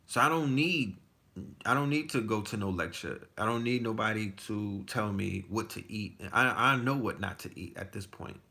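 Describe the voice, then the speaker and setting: A man's voice: lowish voice, moderate pace, gravelly, bright, forceful tone. A man in his forties telling stories in a loose, profane casual chat, full of restarts. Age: 40s. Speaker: podcast guest. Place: Texas.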